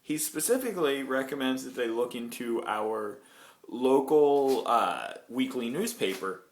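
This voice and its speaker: A man recounting a true story for his vlog, wandering into asides as he goes. His pitch leaps around expressively, and the room gives his voice a roomy echo. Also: measured pace. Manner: animated, digressive storyteller. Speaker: vlogger.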